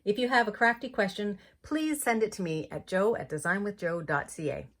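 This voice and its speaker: A woman's voice: medium pitch, fairly quick, fairly bright tone. A woman from Canada talking through a paper crafting tutorial step by step, explaining each move as she works.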